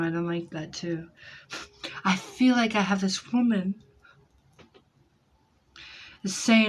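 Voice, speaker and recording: A woman giving a tarot card reading, hesitant and searching, often pausing on fillers as she describes what she feels from the cards. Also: medium pitch, a little hiss or hum. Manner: intuitive, speaks in feelings. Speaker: tarot reader.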